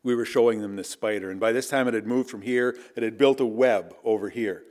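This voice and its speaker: A middle-aged man preaching in a chapel, telling a personal story with earnest emphasis that drops to hushed asides. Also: fairly low pitch, a little fast. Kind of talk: storytelling sermon.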